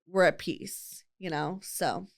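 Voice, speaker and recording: A woman's voice: on the low side, takes it slowly, creaky. A woman hosting a podcast, telling a long story in casual chat, full of fillers and quoted friends. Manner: chatty storyteller, lots of fillers and quoting friends. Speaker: podcast host.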